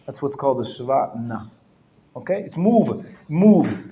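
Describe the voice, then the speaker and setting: A male rabbi teaching a live class, explaining patiently and sounding words out slowly, often clearing his throat and chuckling. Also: medium pitch, big pitch swings, mellow, muffled recording, slight background noise. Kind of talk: live classroom lesson on Hebrew reading. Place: lecture room. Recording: roomy echo from a live class.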